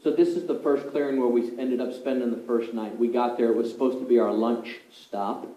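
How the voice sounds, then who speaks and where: A man's voice: medium pitch, fairly even intonation, a little fast, mellow, lo-fi sound. A man recounting a mission trip story to a group, reflective and wry. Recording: roomy echo.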